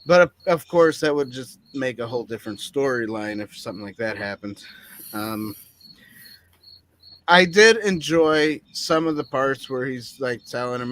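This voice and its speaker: A man's voice: medium pitch, expressive, moderate pace, fairly bright tone, slight background noise. Rambling, hesitant man with crickets behind. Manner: rambling, hesitant, many fillers. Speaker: movie review panelist. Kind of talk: casual chat. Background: crickets chirping.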